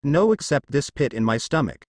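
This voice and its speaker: A man's voice: mid-range voice, sing-song, normal speed, no room sound, studio quality, close to an everyday voice. A man voicing a troubled grown older brother who keeps asking anxious questions. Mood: uneasy.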